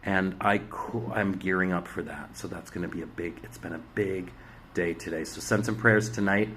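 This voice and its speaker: A man hosting a spiritual astrology talk, giving blunt, preachy exhortations with swearing, swinging from loud urging to hushed asides. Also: deep voice, steady tone, normal speed, slight background noise. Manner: commanding exhortations. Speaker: spiritual astrology show host. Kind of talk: emphatic motivational monologue.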